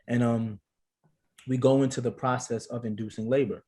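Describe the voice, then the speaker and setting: A man speaks as a podcast guest, telling a personal story with lively, slangy energy. His voice sits at an ordinary middle pitch. The tone stays conversational and relaxed. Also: moderate pace. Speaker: podcast guest, father and actor. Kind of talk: casual storytelling.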